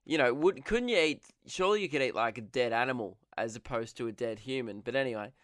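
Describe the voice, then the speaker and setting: A man's voice: mid-range voice, fast talker, fairly bright tone, dry recording, studio quality. Rambling sarcastic man. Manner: rambling, sarcastic, laughs at own jokes. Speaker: comedian podcast host. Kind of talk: solo comedy podcast.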